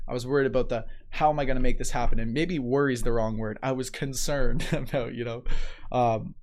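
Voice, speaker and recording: A man hosting a motivational live show, talking casually and reading viewer comments aloud. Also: medium pitch. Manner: relaxed, chatty, frequent "right?" and light laughs.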